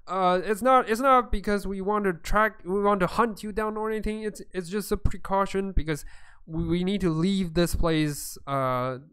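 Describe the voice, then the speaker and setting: A man's voice: high-pitched, fairly even intonation, moderate pace, a bit bright, smooth, pitched above the performer's own voice. A man voicing a nervous companion who apologizes and over-explains in a fumbling way. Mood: apologetic.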